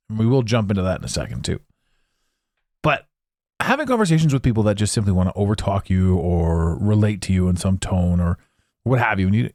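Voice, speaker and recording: A man hosting a solo podcast, rambling in a jokey, animated way into a close microphone. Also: on the low side, dry recording. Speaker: podcast host. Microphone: close studio mic.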